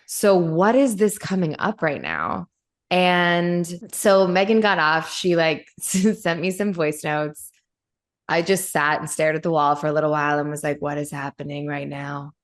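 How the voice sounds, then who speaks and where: A woman podcast host talks in a loose, candid chat, pitched a little low for a woman. She rambles freely and fills her talk with "like.". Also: a little slow. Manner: candid, rambling, says "like" often. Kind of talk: casual chat.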